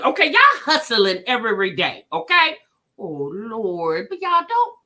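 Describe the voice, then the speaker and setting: A woman's voice: fairly high pitch, huge pitch swings, a little slow, pushed and bright. A woman hosting a casual livestream, greeting viewers by name and chatting with sassy asides. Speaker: livestream host.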